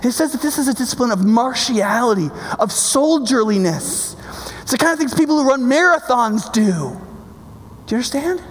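Guy preaching a sermon, pretty high voice, punchy and chatty, big reverby hall. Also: animated, normal speed. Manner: emphatic, conversational, keeps asking "right?".

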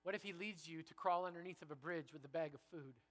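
A man from Canada preaching a sermon, moving from quiet reflection to loud, rousing repetition before his congregation. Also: a little high, fast talker, big-room sound. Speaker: pastor.

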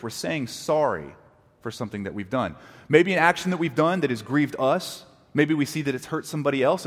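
A man preaching a sermon as pastor, animated, acting out quoted apologies and arguments. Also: medium pitch. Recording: long reverb of a large hall.

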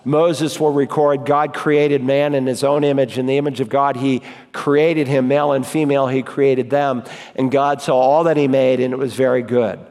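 A man's voice: medium pitch, flat delivery, a little mellow. Preaching man in a reverberant hall. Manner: emphatic preaching, scripture quotes read slowly. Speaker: pastor. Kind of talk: sermon. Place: church sanctuary. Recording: long reverb of a church hall.

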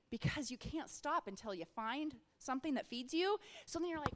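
A woman's voice: sits high, animated, fairly quick, hardly any pauses. A middle-aged woman giving an earnest faith-based encouragement talk, telling stories and acting out her own thoughts. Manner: earnest, storytelling, acts out quoted thoughts. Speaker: Christian speaker. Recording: long hall reverb.

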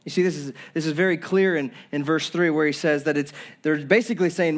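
A man's voice: on the high side, fairly quick, hardly any pauses. A young man preaching a sermon as pastor, earnest, with frequent restarts and acting out people's complaints. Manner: earnest preaching with repeated restarts and acted-out quotes.

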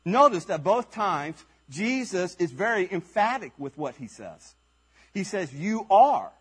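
A man's voice: high voice, big pitch swings, a little slow, fairly bright tone, breathy edge. A man preaching a sermon as pastor at a church service, speaking emphatically with rhetorical questions and repeated phrases.

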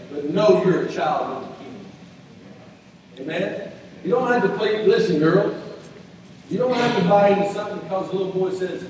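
A middle-aged male pastor preaching a folksy sermon, telling a story and swinging from quiet asides to shouted peaks. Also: sits high, moderate pace, a little hiss or hum. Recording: roomy echoey hall, mic far off.

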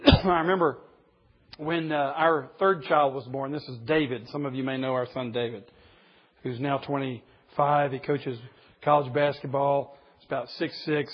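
A man's voice: medium pitch, steady tone, a little slow. A man in his fifties, a pastor preaching a sermon in an emphatic, humorous storytelling way. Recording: dull lo-fi recording.

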